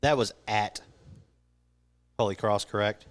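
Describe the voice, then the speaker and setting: Low-voiced guy picking games on a podcast, jokey and sure of himself. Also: takes it slowly. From Kentucky. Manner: confident, joking, laughs often. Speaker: podcast co-host. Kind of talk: casual sports banter.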